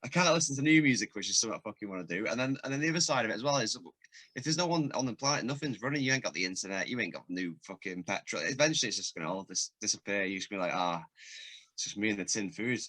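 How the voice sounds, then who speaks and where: A man's voice: lowish voice, expressive, rapid-fire, pushed and bright. A man, a rapper and producer, talking as a guest on a casual podcast, rambling through stories with lots of swearing and laughter. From England. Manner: swears a lot, laughs often, rambling storyteller.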